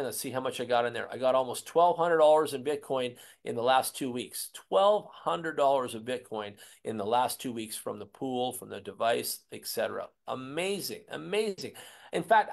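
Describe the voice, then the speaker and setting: A man in his forties, enthusiastic and salesy, talking casually through a screen-share walkthrough and repeating himself. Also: medium pitch. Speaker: crypto promoter presenting a screen walkthrough.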